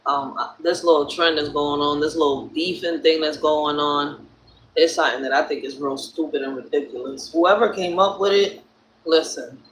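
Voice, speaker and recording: Hoarse Philly woman hosting a livestream. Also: sits low, steady tone, normal speed, a little hiss or hum. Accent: Philadelphia. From Philadelphia. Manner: profane, blunt storytelling. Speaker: live stream host. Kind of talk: casual livestream chat. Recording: roomy echo.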